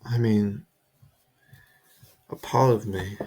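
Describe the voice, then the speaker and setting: A man's voice: lowish voice, fairly even intonation, slow pace, warm tone, slightly rough. A man delivering a comedic character monologue, rambling and stammering, repeating himself as he justifies himself.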